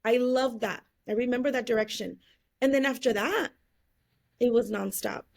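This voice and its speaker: A woman's voice: fairly high pitch, normal speed, gravelly, a little mellow. A woman guest telling her life story in an interview, acting out the people she quotes and laughing often. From California, USA.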